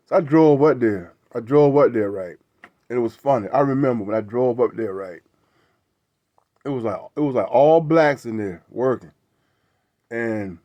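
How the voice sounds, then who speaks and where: A man's voice: medium pitch, a little mellow, no echo. A middle-aged man hosting a show, telling a casual story in a rambling way, repeating words and tagging lines with "right?". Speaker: show host.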